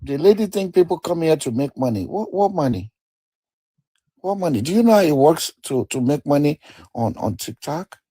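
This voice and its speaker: A man's voice: on the high side, big pitch swings, normal speed, warm tone, husky, no echo. A man on a live debate stream, speaking in an indignant, repetitive, rambling way.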